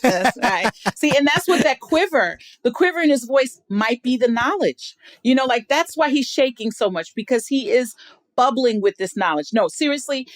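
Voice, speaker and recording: A middle-aged woman talking on a podcast as a guest, emphatic and animated, spinning her points like a storyteller. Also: sits high, normal speed, dry recording. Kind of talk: casual podcast chat.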